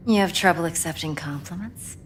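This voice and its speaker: A woman playing a guarded game character who speaks in a cool, measured way. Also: lowish voice, slight background noise, natural voice.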